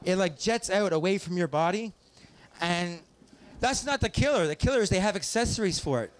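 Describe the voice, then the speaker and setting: High-voiced man doing pub stand-up. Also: expressive, fairly quick. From Ontario, Canada. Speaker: stand-up comic. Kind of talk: stand-up comedy set. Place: small pub stage.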